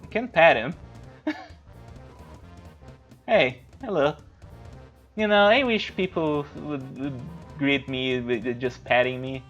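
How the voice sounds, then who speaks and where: Slow-talking rambling male streamer. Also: medium pitch, a bit bright, lo-fi sound, soft background music. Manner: rambling, laughs often, swears casually. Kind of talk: casual livestream gameplay chat.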